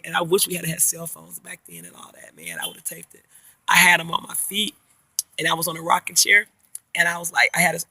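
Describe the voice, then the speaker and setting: The vlogger is a middle-aged grandmother with a fairly low-pitched voice, recorded with no audible room sound. She chats informally, rambling through animated, slang-filled tales.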